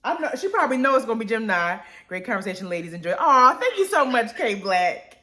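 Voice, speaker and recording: Animated high bright-voiced woman host. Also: fast talker. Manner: animated, laughs often and quotes friends. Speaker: radio show host. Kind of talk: casual chat. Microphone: group call.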